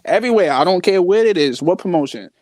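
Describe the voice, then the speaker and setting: A man's voice: high voice, lively intonation, fast talker, crowd noise. A young man, a wrestler, talking in a casual live podcast interview, boastful and playful. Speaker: guest wrestler.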